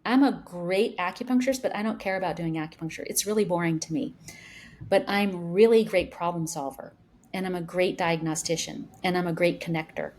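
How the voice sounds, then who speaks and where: A woman in her fifties, a founder talking as a podcast guest, telling stories in a lively way with many fillers. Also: fairly low pitch, brisk. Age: 50s. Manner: animated storyteller, many fillers. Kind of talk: casual interview talk.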